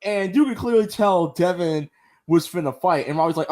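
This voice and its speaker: A man co-hosting a casual podcast, with a slightly high voice. He talks in a loose, slangy way and acts out quotes, his voice leaping up when he gets worked up. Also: normal speed. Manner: animated, slangy, acts out quotes with big pitch jumps. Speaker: podcast co-host. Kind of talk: casual show review chat.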